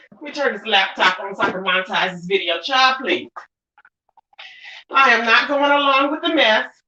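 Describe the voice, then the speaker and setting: A woman's voice: a little high, animated, a little slow, long pauses, bright, forceful tone, dull audio, slight background noise. A woman hosting a livestream, delivering a blunt, scolding rant full of curses and repeated phrases, breaking off now and then to greet her viewers. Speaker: livestream commentary host. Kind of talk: ranting livestream commentary.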